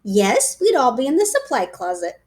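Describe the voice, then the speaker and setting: A woman voicing an excitable, bossy little schoolgirl with a shrill, whiny voice. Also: moderate pace. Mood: eager.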